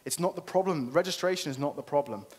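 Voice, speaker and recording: A man's voice: fairly high pitch, fast talker, darkish tone, husky. A man giving an earnest, persuasive conference talk and often checking in with "okay?". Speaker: conference speaker. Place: conference venue.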